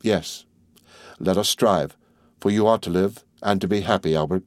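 A man's voice: deep voice, normal speed, no echo, clean studio sound, close to an everyday voice. A man reading as a resigned noble mother. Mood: gentle. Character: resigned noble mother, middle-aged woman.

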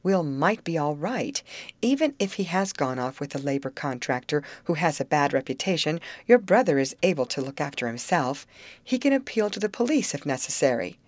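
A woman reading the part of a calm young friend, speaking in a soothing, reassuring way. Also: low voice, moderate pace, no room sound.

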